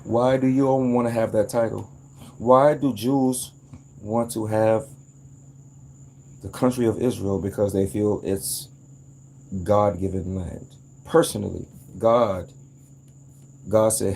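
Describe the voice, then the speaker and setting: A man in a casual, rambling monologue, animated and profane, jumping into sudden high outbursts. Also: takes it slowly, gravelly, long pauses, a little hiss or hum. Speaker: vlogger.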